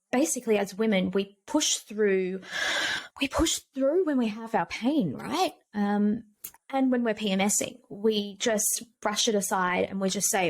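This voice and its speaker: Earnest woman coach speaking. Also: medium pitch. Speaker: guest, period coach. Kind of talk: casual interview chat.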